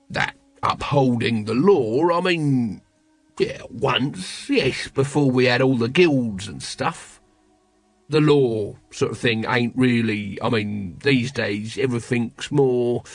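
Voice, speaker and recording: A man's voice: medium pitch, animated, takes it slowly, gravelly, dry recording, soft background music, heavily acted. A man doing a shifty, cynical old watchman. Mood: cynical, evasive. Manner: mumbling, rambling and evasive. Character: shifty seasoned male watchman, lazy and cynical.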